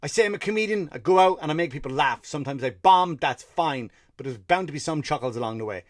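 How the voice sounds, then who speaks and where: Talking fast and expressively in a somewhat high voice, an Irish podcast host spins a rambling comic tale laced with profanity and fiery outbursts. He's tired from running 50 miles in the story. The studio sound has no echo.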